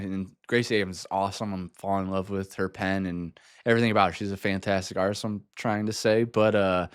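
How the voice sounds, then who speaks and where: A man's voice: lowish voice, smooth, dry recording, clean studio sound. A man reacting to music in casual, rambling commentary, laughing often. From United States.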